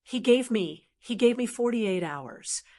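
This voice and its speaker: A woman voicing an ashamed grown son who stammers through a confession of gambling debt, speaking slowly. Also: fairly high pitch, animated, warm tone. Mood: ashamed, pleading.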